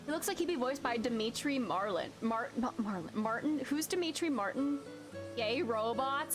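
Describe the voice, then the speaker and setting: A woman's voice: a little high, expressive, moderate pace. A woman streamer giving live game commentary, joking and giggling, with game music under the voice.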